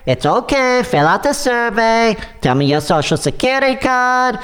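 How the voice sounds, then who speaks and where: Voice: medium pitch, sing-song, moderate pace, a bit bright. A performer playing a shady male scam caller posing as a general, pushy and switching fake accents in a comedy prank-call sketch.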